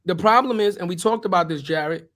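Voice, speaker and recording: A raspy-voiced man with a notably high pitch for a man, co-hosting a podcast in casual chat. He speaks earnestly, building his points like a small sermon. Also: a little fast, a bit bright. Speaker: podcast co-host.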